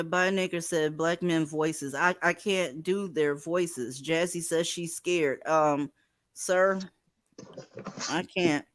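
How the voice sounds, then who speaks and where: A woman's voice: on the low side, no echo, clean studio sound. Profane, blunt woman hosting a livestream. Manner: blunt, profane, reads chat comments aloud, bursts into loud scolding. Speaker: livestream host. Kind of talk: profane casual livestream commentary.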